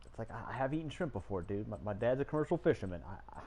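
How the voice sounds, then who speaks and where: A man chatting casually while he plays a game, rambling through stories and jumping into animated voices for the people he quotes. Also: lowish voice, fast. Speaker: gaming streamer. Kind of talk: casual chat while gaming.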